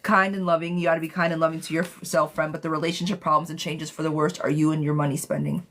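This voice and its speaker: A woman's voice: low voice, fairly even intonation, quick pace, fairly bright tone. A woman doing a live-stream tarot reading, chatty and affectionate, who calls her viewers darling and sweetheart. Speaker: tarot reader.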